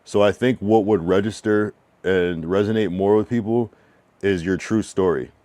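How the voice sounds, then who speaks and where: Deep-voiced streamer man, frank and loose. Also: dark tone, dry recording. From New England, US. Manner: frank, loose, reads chat messages aloud and answers them; drawn-out slang-filled musing with many fillers. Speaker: livestreamer giving feedback to chat. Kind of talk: casual livestream chat.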